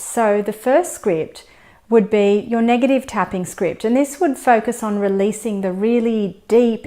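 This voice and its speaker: A woman teaching a tapping technique, calmly guiding listeners step by step and slowing down to demonstrate example scripts. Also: medium pitch. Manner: calm, steady guidance, slowing down for demonstration scripts. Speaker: tapping instructor. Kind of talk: instructional demonstration.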